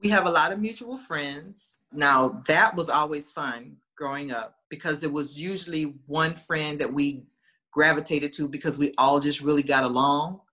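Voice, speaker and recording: A woman's voice: sits low, moderate pace. A woman telling funny stories in a casual chat, acting out quoted voices. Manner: lively, animated, acts out quoted voices. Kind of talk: casual storytelling.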